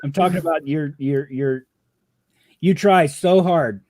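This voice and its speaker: Male co-host and writer, tells animated anecdotes, dry close sound. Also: a little high, unhurried, dry recording. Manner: animated storyteller, acts out quotes. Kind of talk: casual livestream chat.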